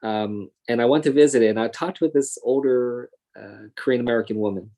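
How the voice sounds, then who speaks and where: A man's voice: mid-range voice, a little fast, a little mellow. A man in his thirties speaking as a congressman and guest in a panel conversation, earnest and thoughtful, with frequent fillers and restarts. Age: 30s.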